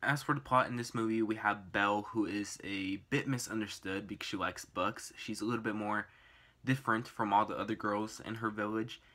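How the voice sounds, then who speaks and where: A man's voice: lowish voice, fairly even intonation, fairly quick, pushed and bright. A young man giving a casual, enthusiastic movie review, rambling with fillers and restarts.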